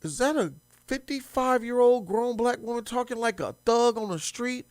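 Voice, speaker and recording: A man hosting a commentary show, reacting with mocking, animated talk that swings between loud and quiet. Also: high voice, moderate pace, hardly any pauses, no room sound, clean studio sound.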